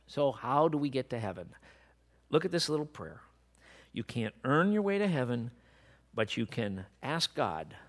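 A male preacher delivering a sermon to a seated congregation. His pitch rises and falls with lively swings. He sinks to soft, low passages and then builds to loud, emphatic peaks.

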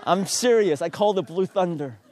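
A man's voice: high voice, animated, a little fast, darkish tone. A middle-aged man preaching a storytelling sermon, earnest and self-deprecating as he urges listeners on.

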